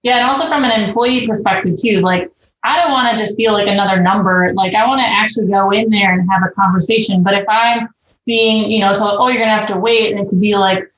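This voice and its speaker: A woman's voice: mid-range voice, fairly even intonation, fast talker, fairly bright tone. A woman on a panel discussion, talking casually with lots of "like". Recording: roomy, distant from mic, faint noise.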